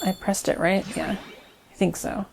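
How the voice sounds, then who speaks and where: A woman's voice: medium pitch, fairly even intonation, moderate pace, gravelly, slight background noise. Rambling young woman gaming commentary. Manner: rambling, filler-heavy, chatty. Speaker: let's play host. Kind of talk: casual let's play commentary.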